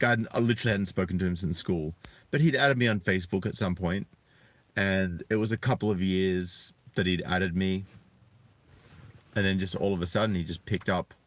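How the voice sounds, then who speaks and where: A man in his thirties talking earnestly and reflectively to viewers on a live stream, often halting to find his words. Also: sits low, dry recording. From Australia. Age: 30s. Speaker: channel host. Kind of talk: live-streamed personal talk.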